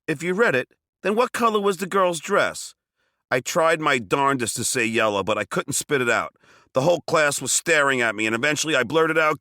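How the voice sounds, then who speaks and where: A man from Long Island narrates his own memoir with a bright, sharp-edged voice. His delivery is wry and self-mocking, punching up the quoted lines with loud bursts. The sound is close and dry, with no room around it. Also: medium pitch, no room sound. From Long Island, New York. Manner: wry, self-mocking comic storytelling with sudden shouted quotes. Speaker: memoir author reading his book.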